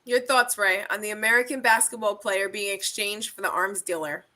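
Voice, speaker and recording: A woman co-hosting a live podcast in relaxed casual chat, asking questions and reacting. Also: medium pitch, normal speed. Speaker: podcast co-host.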